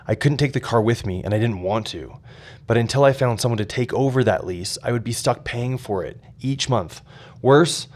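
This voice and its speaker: An earnest young man narrates his memoir with reflective sincerity. His voice sits at a middle pitch, plain and unhurried. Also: darkish tone.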